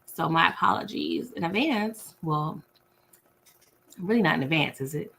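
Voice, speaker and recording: A woman's voice: sits low, a little slow, creaky, fairly bright tone. A woman from the US East Coast with an East Coast accent, hosting a casual livestream, chatting with viewers and laughing while eating dinner on a laptop mic. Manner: chewing while talking. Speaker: livestream host.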